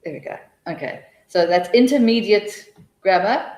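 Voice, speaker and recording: A woman presenting a live teacher-training webinar, chatty and full of restarts, muttering quiet asides to herself as she clicks between slides. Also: medium pitch, normal speed, echoey room, rough recording.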